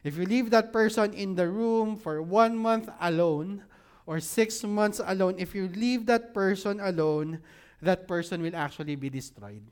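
A man's voice: high voice, measured pace, smooth. A man, serving as senior pastor, reads scripture, prays and preaches to his congregation. He asks the room question after question and repeats his key lines for emphasis. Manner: engages the audience with repeated questions; fervent prayer, often repeats "Lord God". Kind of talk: sermon with scripture reading and prayer. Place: church service room with an audience.

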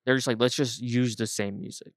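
A man co-hosting a casual film review podcast, relaxed and trailing off as he searches for words. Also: mid-range voice, a little fast, dry recording, clean studio sound. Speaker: podcast co-host.

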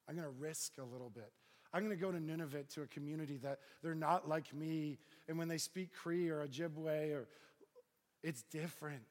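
A middle-aged man gives a storytelling sermon and acts out every exchange with lively shifts in his voice. His voice sits a little high for a man. It rings out with a long reverb from a large hall. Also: fairly quick. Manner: animated storyteller acting out dialogue. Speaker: pastor.

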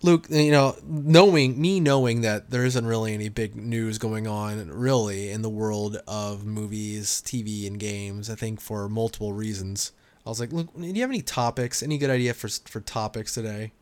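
A man co-hosting a podcast in casual chat, wry and quick to laugh. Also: on the low side, darkish tone, no echo. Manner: wry, laughs often, loose joking tone. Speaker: podcast co-host.

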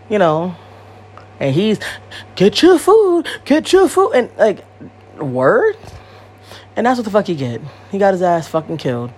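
With a lowish, slightly mellow voice, a podcast host in her thirties talks through a casual monologue. She's blunt and swears freely, rambling and saying the same things more than once.

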